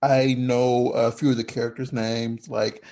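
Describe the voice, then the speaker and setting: A man hosting a casual podcast, talking in a rambling, halting way. He often stops and restarts his sentences. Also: medium pitch, level tone, a little mellow. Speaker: podcast host.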